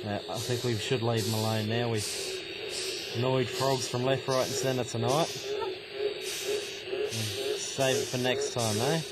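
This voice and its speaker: A man's voice: medium pitch, fairly even intonation, a little slow, pauses often, over loud music, low-quality recording. An Australian man, a nature vlogger, chatting with enthusiasm as he films wildlife outdoors at night. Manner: enthusiastic, chatty, fond of the animals. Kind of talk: casual outdoor wildlife commentary. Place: outdoors at night in wet bushland. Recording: loud outdoor noise from rain and frogs.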